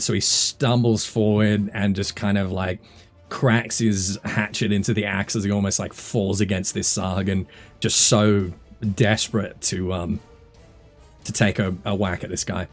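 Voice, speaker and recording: A man narrating combat as game master of a tabletop game, easygoing and full of filler words. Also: lowish voice. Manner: relaxed, many fillers and restarts while narrating combat.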